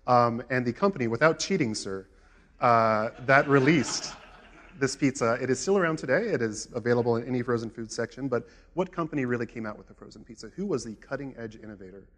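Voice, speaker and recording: A man giving a conference talk in a relaxed, conversational way with frequent "uh" fillers, recorded with a presenter mic in a conference hall. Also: mid-range voice, brisk. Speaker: conference speaker.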